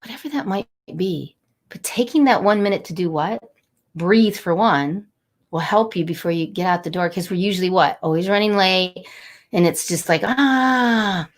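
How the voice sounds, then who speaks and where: A middle-aged woman talking warmly and a little rambling as she encourages viewers during a live motivational stream. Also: lowish voice, moderate pace. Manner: warm, encouraging, rambling and conversational. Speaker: angel card reader and inspirational host.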